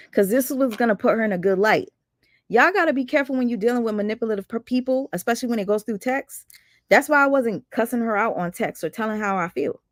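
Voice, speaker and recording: A woman hosting a casual livestream, talking to her viewers in an animated, indignant way. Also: fairly high pitch, no room sound, studio quality. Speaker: livestream host.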